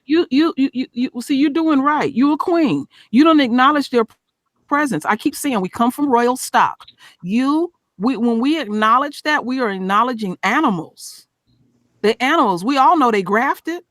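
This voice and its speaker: High, lively woman, blunt and profane. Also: normal speed, no room sound. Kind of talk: casual chat.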